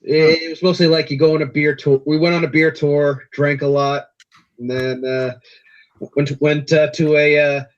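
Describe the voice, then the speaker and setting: A man's voice: a little high, level tone, moderate pace. A young man who talks hesitantly and trips over his words, chatting as a livestream guest. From United States. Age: young adult. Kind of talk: casual livestream chat. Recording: dull lo-fi stream audio.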